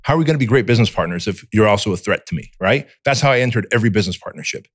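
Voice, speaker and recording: A podcast guest, a man from Armenia, talks candidly in a fairly low voice, blunt and full of cursing. He acts out the voice in his own head as he tells it. The sound is dry and close, with no room echo. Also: animated, racing, breathy edge. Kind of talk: candid personal storytelling.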